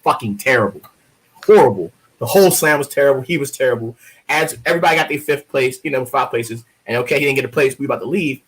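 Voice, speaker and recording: A man in his thirties from Baltimore with an American accent, a guest poet telling stories in a casual interview, lively and profane, acting out other people's voices. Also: mid-range voice, fast talker, low-quality recording. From Baltimore, USA. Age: 30s.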